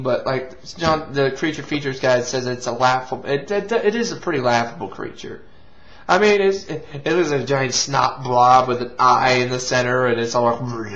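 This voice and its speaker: A man's voice: medium pitch, pushed and bright. Rambling man ranting about a movie. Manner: rambling, restarts, swears casually. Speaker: movie reviewer and show host. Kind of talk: casual movie review rant. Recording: lo-fi, dull sound.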